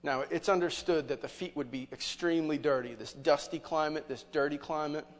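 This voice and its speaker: Male pastor, sermon, chatty rhetorical style, voice a touch high, big sanctuary echo. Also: fairly even intonation, a little fast. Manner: conversational preaching with rhetorical questions. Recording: long hall reverb.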